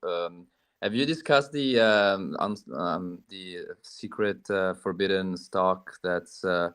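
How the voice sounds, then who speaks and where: Hesitant, low-voiced man full of ums. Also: a bit bright, smooth. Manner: hesitant, many ums and self-deprecating asides. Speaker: caller asking questions in a trading chat. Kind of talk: casual chat.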